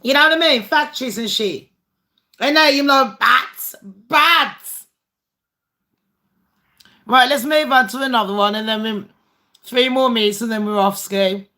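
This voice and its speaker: British female host, chatty livestream, blunt, sweary, rambling delivery with a bright, sharp tone. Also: a little high, unhurried, long pauses. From Britain. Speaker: channel host. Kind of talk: casual livestream chat with viewers.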